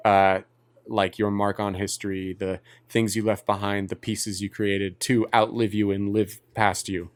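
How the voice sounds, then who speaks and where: A man co-hosting a podcast in casual chat, laid-back and quick with short agreeing replies. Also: lowish voice, flat delivery, dry recording, studio quality. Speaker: podcast co-host.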